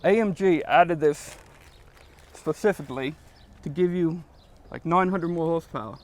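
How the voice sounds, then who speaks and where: Guy doing a fake posh car seller, dead straight face, a bit high. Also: moderate pace, lightly acted. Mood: deadpan boastful. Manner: deadpan prank, bragging with straight face. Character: mock British male car seller, boastful, touchy.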